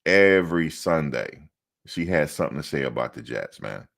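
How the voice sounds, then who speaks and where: A man hosting casual sports talk, rambling and animated, often quoting others in his own voice. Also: extremely low pitch, normal speed, vocal fry. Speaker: sports commentary host.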